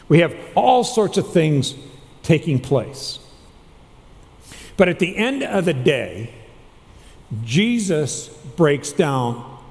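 Animated preaching man in a reverberant hall. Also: fairly high pitch. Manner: questioning the congregation, animated. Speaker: chaplain preaching. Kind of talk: sermon.

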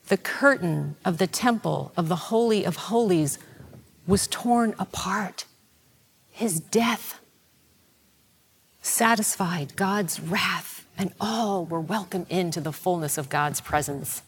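Woman preacher, slow and prayerful, husky voice with some vocal fry, sermon delivery. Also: lowish voice. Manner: slow, reflective, prayerful preaching that sinks toward a whisper.

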